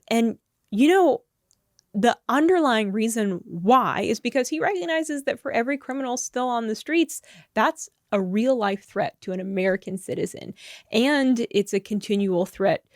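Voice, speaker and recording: A young woman co-hosting a casual political podcast, chatty and quick to laugh, with bursts of excitement. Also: on the high side, dry recording, clean studio sound. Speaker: podcast co-host.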